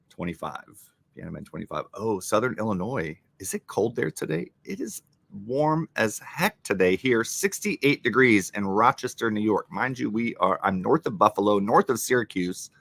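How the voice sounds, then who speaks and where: Lively bright-voiced male streamer. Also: lowish voice, no echo. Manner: animated, joking, thanking viewers. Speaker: livestream host. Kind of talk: casual live-stream chat. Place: home in Rochester, New York.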